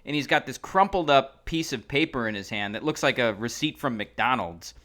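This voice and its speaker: Podcast guy, blunt and opinionated, sharp bright voice, just chatting. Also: mid-range voice, expressive, normal speed. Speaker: podcast co-host. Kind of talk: casual chat.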